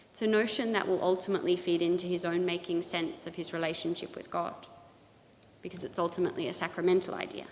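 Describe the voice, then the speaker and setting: A woman giving a measured, thoughtful talk on poetry in a large church. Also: on the low side, level tone, a little hiss or hum. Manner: measured, thoughtful, with occasional restarts. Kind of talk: reflective lecture in a church. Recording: long reverb of a large hall.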